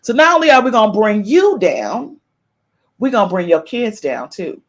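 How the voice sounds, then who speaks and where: A woman's voice: fairly high pitch, very animated, moderate pace, a bit bright. A woman hosting a casual live-stream gossip podcast, reading viewers' chat comments aloud and calling out meow to them. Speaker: podcast host.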